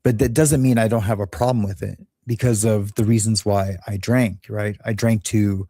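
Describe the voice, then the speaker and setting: Man, show host, casual rambling monologue, candid, laughs at own jokes, mellow tone, dry sound. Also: fairly low pitch, fairly even intonation, moderate pace, no room sound. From Los Angeles.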